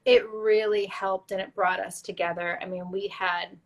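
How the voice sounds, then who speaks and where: A woman guest, tearful and earnest, telling her story in halting, faith-driven speech. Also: mid-range voice, little pitch movement, poor audio. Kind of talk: emotional personal interview.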